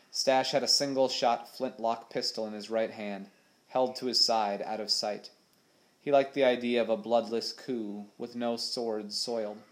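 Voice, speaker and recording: A man reading a children's adventure novel aloud with steady, expressive storytelling. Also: mid-range voice. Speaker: audiobook narrator. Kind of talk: storybook narration.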